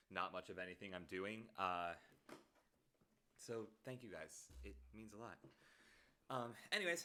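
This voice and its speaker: Soft-spoken rambling male streamer. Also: on the low side. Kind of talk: casual late-night stream chat. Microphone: headset mic.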